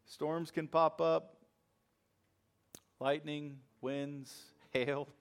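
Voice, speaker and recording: A man preaching a sermon in a lively, conversational way, acting out little asides as he goes. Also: a little high, extremely slow, clear, resonant tone. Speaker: chaplain and preacher.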